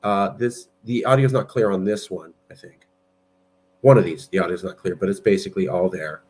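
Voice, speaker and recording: A man's voice: low-pitched, normal speed, darkish tone. A man giving blunt, argumentative political commentary while sharing his screen. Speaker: political movement president.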